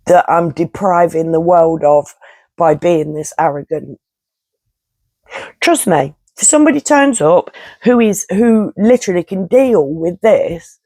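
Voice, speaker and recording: A woman talks straight to her viewers in a blunt, sweary, chatty rant. Her voice has a gravelly edge and sits at a middling pitch. The sound is dry and close, with no room echo. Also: mellow. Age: 50s. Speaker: vlogger. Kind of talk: casual rant to camera.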